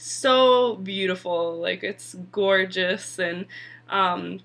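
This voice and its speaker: A woman's voice: mid-range voice, drawn-out words, gravelly, fairly bright tone. A young woman casually recapping a TV episode, chatty and full of "like" fillers, sometimes swearing. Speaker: TV episode reviewer.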